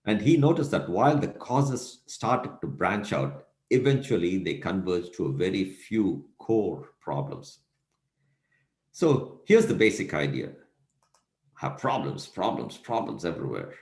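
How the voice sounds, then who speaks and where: A male lecturer with a low voice that rises and falls a lot as he tells a story. He keeps asking his listeners rhetorical questions. The sound rings a little, as in an echoey room. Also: very animated, measured pace, darkish tone. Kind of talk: recorded lecture.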